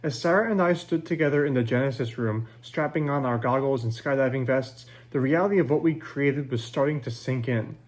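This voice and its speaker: A male author reads his novel aloud at a library event, narrating in the first person at a measured pace. His voice is in a middle pitch for a man.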